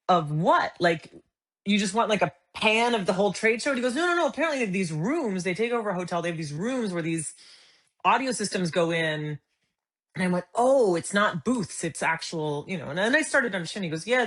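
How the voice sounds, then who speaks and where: A middle-aged woman telling a story as an interview guest, acting out the dialogue as she goes. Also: medium pitch. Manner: animated, acts out quoted dialogue. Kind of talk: conversational storytelling.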